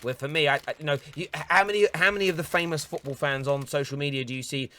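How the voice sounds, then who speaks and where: A man's voice: fairly high pitch, sharp tone. A man in his late twenties, calling in to a fan show, telling rambling stories in casual chat. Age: late 20s. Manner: rapid rambling storyteller. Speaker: caller.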